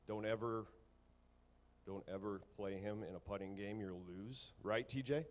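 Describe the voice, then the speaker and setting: A man's voice: lowish voice, fairly even intonation, measured pace. A man, a golf coach, speaking at a ceremony, often repeating words and using many fillers. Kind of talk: ceremony speech.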